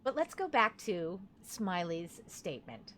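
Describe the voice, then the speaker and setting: Bright, chatty woman streamer. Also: fairly low pitch, huge pitch swings, measured pace, a little hiss or hum. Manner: rambling, chatty, self-deprecating. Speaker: game streamer. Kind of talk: casual gameplay commentary.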